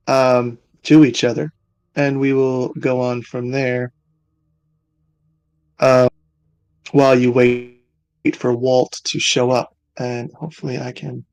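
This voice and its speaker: A man's voice: mid-range voice, flat delivery, takes it slowly, pauses often, darkish tone, no echo. A man running an online tabletop game as game master, speaking hesitantly with many fillers.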